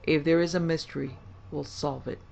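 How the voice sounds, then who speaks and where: A woman's voice: low voice, fairly even intonation, normal speed, gravelly, darkish tone, slight background noise. A woman voicing a stern male Union officer who gives curt, commanding orders.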